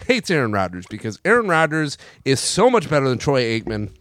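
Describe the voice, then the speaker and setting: A man hosting a casual sports podcast, animated and argumentative. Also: medium pitch, brisk, dry recording, studio quality. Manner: animated, argumentative, laughs often. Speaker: podcast host.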